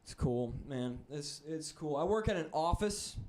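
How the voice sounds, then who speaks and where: A young man from the Midwest doing a stand-up comedy set, rambling and self-deprecating with crude deadpan asides. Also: a little high, measured pace. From American Midwest (Wisconsin).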